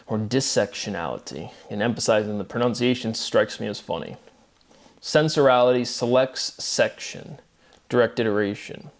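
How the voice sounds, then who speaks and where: Man giving a rambling solo lecture. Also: mid-range voice. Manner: repetitive, emphatic, circling through definitions; filler-heavy with frequent "right?" and "um". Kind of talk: unscripted solo monologue.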